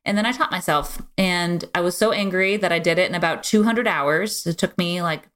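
Lowish-voiced woman on a podcast, middle-aged, talks fast and frank, lots of "like"s and "you know"s. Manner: frank, energetic, many fillers like "like" and "you know". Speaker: podcast guest, business owner. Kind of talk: casual conversational storytelling.

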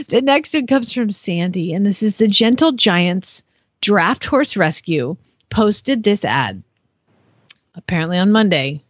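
A woman's voice: medium pitch, big pitch swings, takes it slowly, slightly rough, no echo. Woman podcast host, casual and chatty, muffled dry sound. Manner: chatty, laughing, many fillers. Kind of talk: casual chat.

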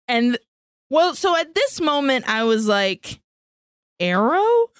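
A woman co-hosting a podcast animatedly retells a film's plot in casual chat, swearing freely. Her voice is high-pitched, expressive, clear, and resonant at a measured pace, with studio-quality audio and no echo.

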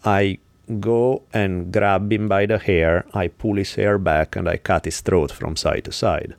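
A man's voice: low-pitched, fairly even intonation, a little slow, dry recording. A man hosting a podcast, telling a story in a blunt, casual, profane way. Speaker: podcast host. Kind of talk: casual chat.

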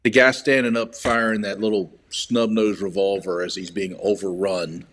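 A man co-hosting a casual movie chat, agreeable and quick to chime in with short affirmations. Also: lowish voice, level tone, a bit bright, a little hiss or hum. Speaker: podcast co-host.

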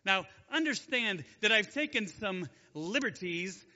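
A male Bible teacher tells the story casually, cracking jokes and asking his listeners questions. His voice is high and very bright. It is recorded in a long-echo hall with a slightly dull sound. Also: sing-song, measured pace. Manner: chatty, jokey, asks the audience questions.

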